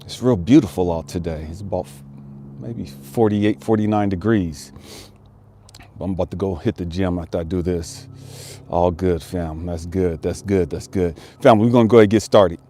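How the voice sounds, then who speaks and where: A man's voice: low voice, normal speed, warm tone, a little hiss or hum. A man hosting a casual motivational talk outdoors, speaking earnestly and repeating phrases as he builds intensity. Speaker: life coach and channel host. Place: outdoors in nature.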